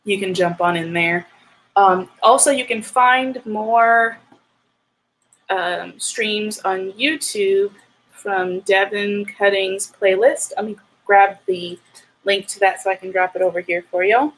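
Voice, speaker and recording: A young woman hosting a writing livestream, chatting casually with viewers and getting animated and ranty. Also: medium pitch, takes it slowly, low-quality recording. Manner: animated, ranting. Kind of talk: casual chat with live viewers.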